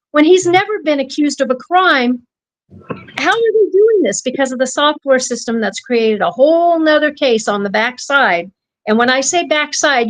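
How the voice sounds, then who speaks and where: A woman's voice: high-pitched, no echo, poor audio. A woman co-hosting a podcast, ranting fiercely and swearing as she talks straight to listeners. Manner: fiery, ranting, swears, addresses listeners as folks. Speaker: podcast co-host. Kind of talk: impassioned podcast talk.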